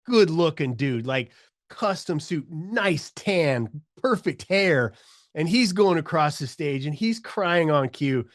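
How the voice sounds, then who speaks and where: A middle-aged man telling his story as a podcast guest, animated, acting out the voices of people he quotes. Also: a little high, slow, no room sound, studio quality.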